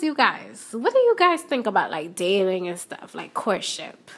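A woman's voice: mid-range voice, huge pitch swings, moderate pace, a bit bright, breathy edge. A young adult woman hosting a casual solo podcast, chatting and repeating herself as she talks straight to listeners from her shop. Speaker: podcast host. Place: shop, stepping in and out of doors.

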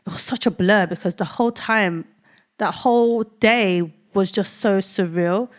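A woman's voice: mid-range voice, a little slow. A young woman co-hosting a podcast in casual chat, talking with many fillers and frequent laughter. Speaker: podcast co-host.

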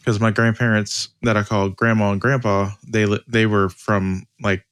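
A man's voice: lowish voice, little pitch movement, moderate pace, a bit bright, clean tone, no room sound. A man from Louisiana co-hosting a podcast, chatting in a wry, easygoing way and asking questions. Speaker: podcast co-host. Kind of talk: casual chat.

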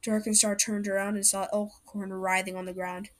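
A young woman reading her own cat story aloud in first person, earnest and slightly halting. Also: medium pitch, level tone.

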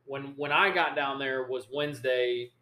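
A man hosting a podcast, telling a long fishing story in an animated, rambling way. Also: mid-range voice, moderate pace. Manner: animated, rambling storyteller who acts out quotes. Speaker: podcast host. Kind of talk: casual storytelling chat. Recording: echoey room.

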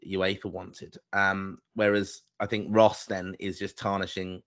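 Flat-voiced London-born man, measured. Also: low voice, vocal fry. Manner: measured, hesitant with fillers. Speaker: podcast co-host. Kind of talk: casual football chat.

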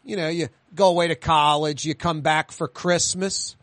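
A man hosts a radio talk show in a dry, close studio sound. His voice sits a little high, and he wanders through anecdotes in an easy, chatty way. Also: steady tone, normal speed, fairly bright tone, no room sound. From New Orleans.

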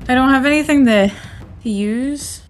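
A woman's voice: sits high, moderate pace, faint music behind. A woman playing in a tabletop game, chatting casually and hesitantly, with frequent ums and restarts. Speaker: player.

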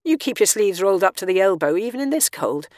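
A woman's voice: mid-range voice, sing-song, fast, a little mellow, dry recording, clean studio sound, pitched above the performer's own voice, natural voice. A woman reading an audiobook, voicing a clever, wry woman who lectures and prods insistently. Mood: pointed, prodding.

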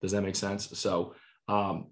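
A man's voice: low voice, little pitch movement, a little slow. A man training insurance agents in a casual online session, acting out client calls and often checking in with "right?". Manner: conversational, acts out client calls, frequent "right?" and "you know". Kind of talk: casual training talk to a live online audience.

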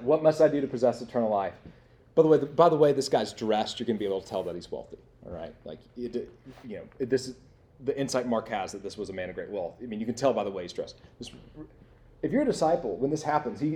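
A man's voice: medium pitch, lively intonation, a little fast, mellow. A young man giving a conversational, interactive sermon to students, asking them questions and filling with "like" and "right?". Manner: conversational, asks the audience questions, lots of "like" and "right?". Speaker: campus minister.

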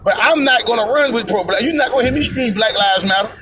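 A man's voice: very high voice, fast talker, noisy background. A man ranting in a heated, profane monologue, hammering points with repetition and rhetorical questions. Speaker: podcast host. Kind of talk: personal opinion monologue.

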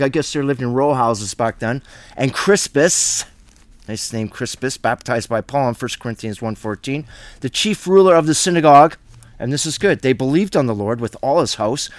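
A man's voice: fairly high pitch, dry recording. Blunt, fiery preaching man. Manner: blunt, fiery and plain-spoken. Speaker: Bible study host. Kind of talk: blunt preaching Bible study.

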